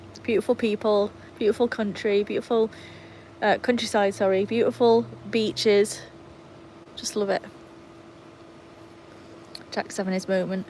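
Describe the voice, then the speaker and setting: A woman's voice: medium pitch, flat delivery, a little slow, pauses often, darkish tone, a little hiss or hum, poor audio. An English woman hosting a casual livestream outdoors, chatting with viewers and greeting them by name. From England. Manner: baby-talks and calls to the dogs. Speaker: livestream host with dogs. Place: outdoors by a pool in sunshine.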